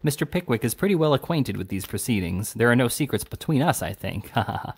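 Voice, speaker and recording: An oily, smirking male attorney, as a male reader acts him out, with sweet, lifted greetings that sink to a soft, low murmur. His manner is smug and self-satisfied. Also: lively intonation, fairly quick, husky.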